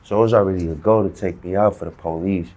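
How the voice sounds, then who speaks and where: A man's voice: low-pitched, steady tone, quick pace, mellow. A man in a casual interview, telling a story heavy with slang and acting out the dialogue himself. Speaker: interview guest.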